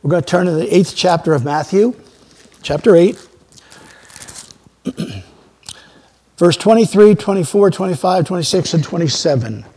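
A man preaching a sermon as a pastor, emphatic, swinging between loud outbursts and quiet asides. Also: high-pitched, expressive, moderate pace, pauses often, slightly rough. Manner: emphatic preaching with sudden loud rises and soft drops.

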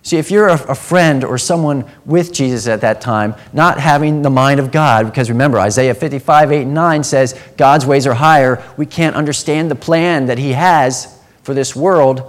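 A man preaching a sermon, earnest, dropping to a hushed tone and then rising to emphatic passages. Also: medium pitch, normal speed.

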